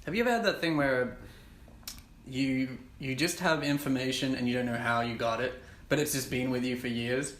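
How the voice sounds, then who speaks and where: Bright, teasing young man. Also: medium pitch. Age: young adult. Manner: jokey, swearing, quick to tease. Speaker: podcast co-host. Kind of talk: casual banter. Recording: echoey room.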